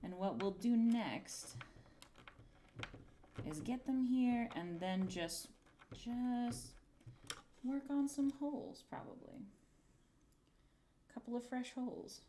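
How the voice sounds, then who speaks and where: A woman's voice: on the high side, lively intonation, takes it slowly, long pauses, dark tone, a little hiss or hum. A young adult woman streaming live, muttering, swearing and chatting with viewers while she works on a craft project. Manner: muttering and self-deprecating, swears, talks to chat while working. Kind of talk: casual livestream crafting chatter.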